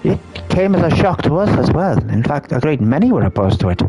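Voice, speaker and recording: A man reading out a calm formal game character. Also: fairly high pitch, a little fast, soft background music, low-quality recording. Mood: measured. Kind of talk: reading game dialogue aloud.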